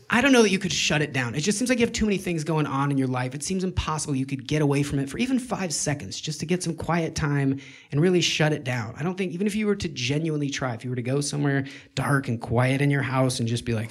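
A man's voice: a little high, lively intonation, quick pace. A man doing a stand-up comedy routine on a club stage, rambling and self-mocking as he acts out his own inner voice.

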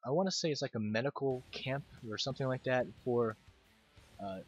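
A man's voice: medium pitch, fairly quick, highs cut off, faint music behind. A man hosting casual game commentary, rambling, stumbling over words and poking fun at himself. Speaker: gaming video host.

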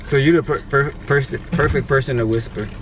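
A woman's voice: a bass voice, fairly quick, a little hiss or hum. A mother chatting casually and teasing her family inside a car. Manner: teasing, playful and lively.

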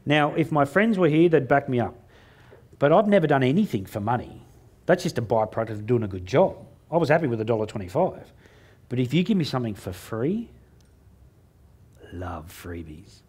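A man's voice: medium pitch, very animated, moderate pace, a little mellow, breathy edge. A middle-aged Australian man giving a humorous talk on stage, telling a story and acting out the dialogue in a self-mocking way. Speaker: motivational speaker.

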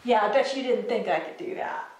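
A woman teaching children in a chatty, animated way, full of asides and fillers. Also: a little high, brisk. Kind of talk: informal teaching video for kids. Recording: echoey room, mic far off.

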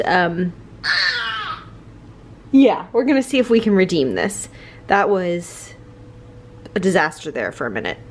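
A woman's voice: mid-range voice, slight background noise. A woman, a mother, chatting casually to the camera in her home kitchen, bubbly and laughing often, with rambling asides. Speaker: family vlogger and mother. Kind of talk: casual vlog chat to camera.

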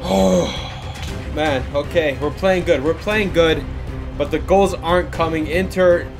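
A young man commenting live on his own football video game match, excitable, with frustrated outbursts and shouts at big moments. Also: on the high side, unhurried, over music. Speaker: gaming YouTuber.

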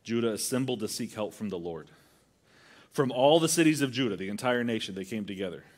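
A man's voice: fairly low pitch, lively intonation, a little fast. A man preaching a sermon in a conversational way, acting out quoted voices as he tells the story. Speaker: pastor.

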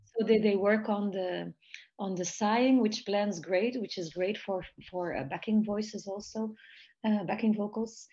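This Belgian jazz voice teacher has a mid-range, slightly mellow voice and speaks a little slowly, with the highs cut off in the audio. Interviewed online over a video call in English, she analyzes singing technique carefully and laughs lightly between points.

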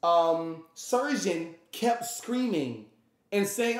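Male streamer, high voice, roomy room, animated storytelling, acts out the people in his story. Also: measured pace. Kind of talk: casual storytelling to a live audience.

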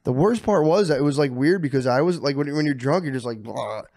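A man's voice: fairly high pitch, fast talker, darkish tone, no echo, studio quality. A man co-hosting a podcast, telling stories in casual chat with lots of swearing and "dude". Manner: profane storytelling with lots of "dude". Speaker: podcast co-host.

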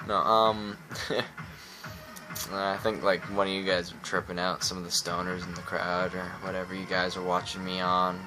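A sleep-deprived young man talks close to his webcam in a low, loose voice, hyper and rambling. He is goofy and scattered. Music plays clearly under his talk. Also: little pitch movement, moderate pace. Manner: rambling and goofy, hyper, jumps between silly voices and mock poetry. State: exhausted from lack of sleep. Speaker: gaming YouTuber. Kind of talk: rambling casual vlog talk. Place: indoors at home, at night into dawn. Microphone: webcam close to the face. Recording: music playing behind.

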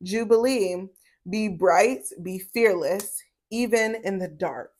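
A woman's voice: mid-range voice, slow pace, a little mellow. A woman giving a casual tarot reading to camera. She is blunt and profane, preaching with emphasis and stretching her words to drive points home. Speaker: tarot reader.

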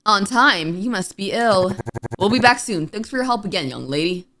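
A woman's voice: medium pitch, expressive, moderate pace, bright, forceful tone, pitched below the performer's own voice. A woman voicing a curt, sarcastic mother of a young girl in a horror game, dry and clipped. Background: game music.

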